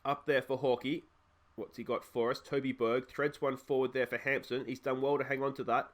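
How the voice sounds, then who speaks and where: A man's voice: medium pitch, brisk. Australian man commentating his football game. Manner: rambling, excitable on goals. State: hoarse from a cold. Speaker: let's play host.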